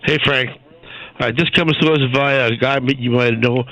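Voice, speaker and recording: A man calling into a radio show and telling a joke in a brisk, matter-of-fact way. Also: medium pitch, fairly even intonation, fairly bright tone, dry recording, poor audio. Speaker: caller.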